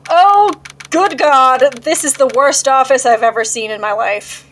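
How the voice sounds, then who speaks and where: A woman's voice: high-pitched, unhurried, fairly bright tone, slight background noise. A woman voicing a young male defense lawyer with dry, sarcastic remarks while reading a game aloud.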